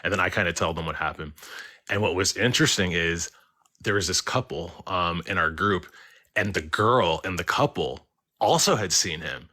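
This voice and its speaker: A young man with a low, bright voice tells a ghost story to a live stream audience. His telling is loose and chatty. It keeps circling back through "like" and filler words. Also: normal speed. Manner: rambling, heavy use of "like" and fillers. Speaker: caller. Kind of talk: casual storytelling on a livestream.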